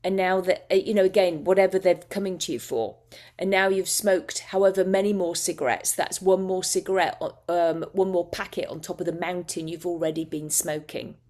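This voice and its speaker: A woman's voice: on the low side, steady tone, moderate pace, a little mellow. Chatty woman teaching hypnosis. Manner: chatty, emotive, talking with restarts. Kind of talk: casual spoken teaching.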